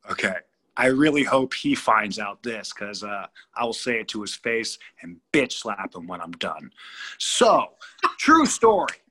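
With a lowish, unhurried voice that has a breathy edge, a Californian man in his thirties tells a personal story during a casual interview. He's a guest there, animated, profane and blunt, often saying things more than once.

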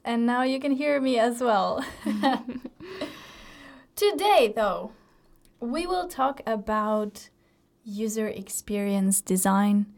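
A woman co-hosting a radio show in an upbeat, playful, chatty way, laughing often. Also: medium pitch. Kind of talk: casual radio chat.

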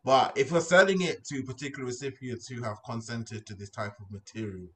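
A man's voice: mid-range voice, a little fast, a bit bright. A young man co-hosting a podcast, arguing his points bluntly in casual chat. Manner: blunt, argumentative. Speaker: podcast co-host.

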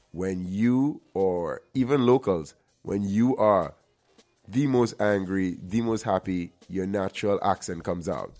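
A man's voice: low-pitched, darkish tone. A man from Trinidad and Tobago hosting his show, giving an earnest motivational monologue with personal stories and the odd repeated word. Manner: earnest, storytelling, repeats words when emphasizing. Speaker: actor and show host. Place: LA area.

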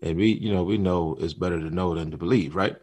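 A man co-hosting a casual talk show, telling a story with animated retellings and acted-out lines. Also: deep voice, fast talker, breathy edge. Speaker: podcast co-host. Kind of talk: casual chat.

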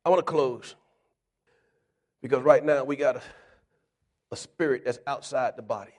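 A man preaching a sermon to a live congregation, calling out to the people and building to loud, rhythmic shouting as he acts out voices from scripture. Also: mid-range voice, normal speed, pauses often. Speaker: evangelist preacher. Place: church before a live congregation.

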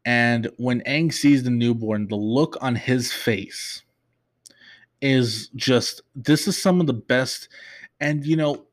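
A man's voice: mid-range voice, slow pace, dry recording. A young man hosting a podcast, chatting through an episode recap with many fillers and restarts, openly emotional. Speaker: podcast host.

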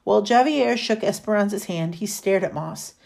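A woman reading a novel chapter aloud in a steady storytelling manner. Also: mid-range voice, normal speed, creaky. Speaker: reader.

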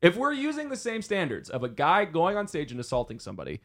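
Male podcast co-host, animated delivery, sarcastic humor, casual. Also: a little high, fast talker. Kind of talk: casual chat.

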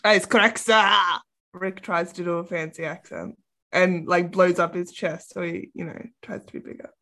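A man's voice: sits high, little pitch movement, normal speed, a bit bright. A man playing a tabletop role-playing game, describing his character's actions in casual, jokey table talk. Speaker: player.

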